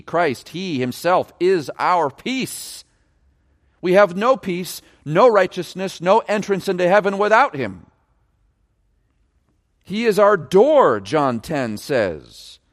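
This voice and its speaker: A man preaching a sermon, emphatic and stressing key words as he explains a passage. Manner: emphatic, varies pitch widely for stress. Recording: long reverb of a large hall.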